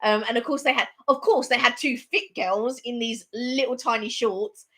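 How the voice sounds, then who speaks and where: A woman's voice: on the high side, moderate pace, fairly bright tone. A woman co-hosting a casual live stream chat, telling a long rambling story with lots of repetition.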